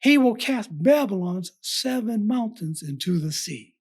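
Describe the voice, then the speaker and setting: A woman delivering a scripted Bible study sermon in a measured, emphatic, formal way. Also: mid-range voice, animated, darkish tone, husky. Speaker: preacher.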